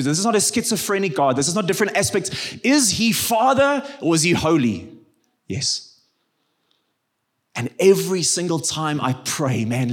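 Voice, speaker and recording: A man with a husky, slightly raised voice preaches with lively energy. He often sinks suddenly into a soft, hushed tone to stress a point. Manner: animated, with sudden drops to a hushed low voice. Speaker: pastor. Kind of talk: sermon.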